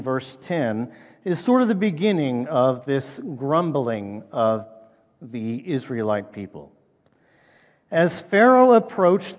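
A man preaching a sermon in a relaxed, conversational way, asking the listeners rhetorical questions. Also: on the high side. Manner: conversational, reads scripture aloud, asks rhetorical questions. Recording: reverberant dull-sounding hall.

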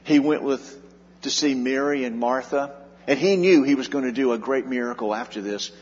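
A man's voice: medium pitch, fairly even intonation, normal speed, darkish tone. A man preaching a sermon as pastor, earnest, with his voice rising and falling in volume for emphasis. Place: church sanctuary. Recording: dull sound in a long-reverb hall.

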